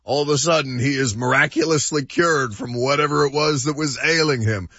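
Husky-voiced man debating sports. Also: fairly high pitch, a little fast, bright, forceful tone, no room sound, lo-fi sound. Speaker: sports talk show co-host.

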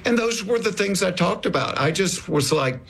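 A man from the American South talks in a gravelly, raspy voice pitched a little high, with a thick Southern US accent. He tells folksy stories as a comedian guest and acts out what other people said to him. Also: animated, moderate pace, a bit bright. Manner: folksy storyteller, acts out quoted remarks. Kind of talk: casual conversation.

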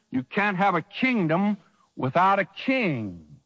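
A man preaching a sermon with emphasis, rhetorical questions and dramatic pauses. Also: on the high side, big pitch swings, fairly bright tone, big-room sound.

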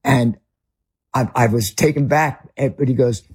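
Husky-voiced middle-aged Northern US man. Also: mid-range voice, a little mellow. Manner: earnest, halting with many restarts. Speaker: ministry leader, guest. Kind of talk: storytelling in a talk interview.

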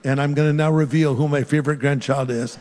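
In a big, echoing church hall full of worshippers, an older pastor ends his sermon by leading an altar-call prayer. He speaks fast in a fairly high, steady-toned voice, earnest and pleading, raising it on key lines and softening for prayer; a slight hiss or hum is audible.

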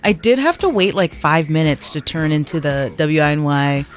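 Chatty, animated female radio host. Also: low voice, normal speed, soft background music. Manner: chatty and animated, with lots of fillers. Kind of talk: casual on-air banter. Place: radio studio.

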